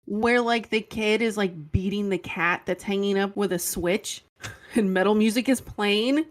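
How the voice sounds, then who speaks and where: A woman's voice: medium pitch, unhurried. A woman co-hosting a podcast, chatting casually about a film with blunt opinions and frequent laughter. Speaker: podcast co-host. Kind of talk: casual movie-review chat.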